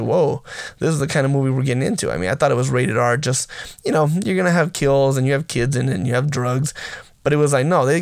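Gravelly-voiced guy rambling through a movie review. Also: medium pitch, no room sound. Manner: enthusiastic, rambling with frequent restarts and fillers; laughs often while talking. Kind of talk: casual spoken film review.

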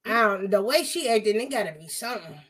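A woman's voice: medium pitch, animated, quick pace, a loud crowd. A young woman talking in casual podcast chat, blunt, profane and emphatic.

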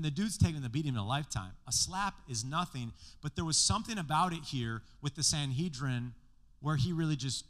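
Male pastor, sermon, casual joking delivery with slang, fairly high voice. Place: church room with congregation.

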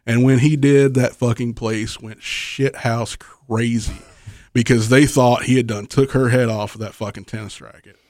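A man's voice: mid-range voice, normal speed, no echo. A man telling a rowdy story on a podcast, swearing freely, laughing often and acting out the lines of the people in it. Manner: profane, animated, laughs often, acts out quotes. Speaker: wrestling promoter, guest.

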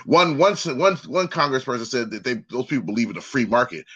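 A man's voice: medium pitch, animated, quick pace, bright, forceful tone, husky, lo-fi sound. A man co-hosting a casual chat, ranting in a profane way and often restarting his sentences.

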